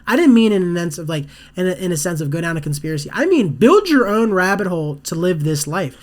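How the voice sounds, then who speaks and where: A casual podcast host thinks out loud in a meandering monologue, leaning on "you know" and "like" and restarting sentences midway. They often slip into little quoted asides, voicing what someone thinks to themselves. The pitch sits in an ordinary middle range. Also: sing-song, quick pace. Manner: rambling, loose, full of "you know" and "like", restarts mid-sentence; acts out inner thoughts in quoted asides.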